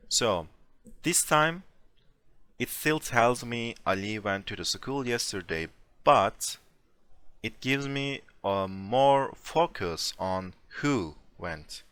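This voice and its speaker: A man with a low, bright voice teaches a class online, taking his time and adding casual fillers as he explains. The sound is dry and close, like a computer mic in a voice chat. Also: clear, resonant tone, no room sound. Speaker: Turkish language teacher. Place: home room, over a voice chat.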